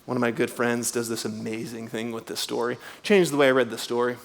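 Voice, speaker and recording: A middle-aged man preaching a sermon as a guest speaker, animated, swinging between loud lines and hushed asides. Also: medium pitch, brisk, vocal fry, long reverb tail. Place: church.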